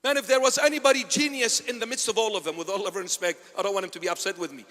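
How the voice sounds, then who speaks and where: Male preacher, high voice, animated storyteller who acts out his characters, recorded live in a church with a long reverb. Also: rapid-fire. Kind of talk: storytelling sermon.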